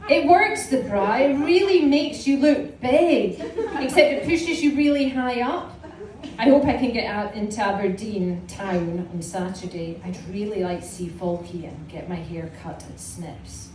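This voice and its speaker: A fortyish Scottish woman with a mid-range, darkish voice reads unhurriedly from the diary she kept as a teenager, amused and wry as she entertains a live audience. The setting is a small indoor venue, recorded roomily from a distant mic along with crowd sounds.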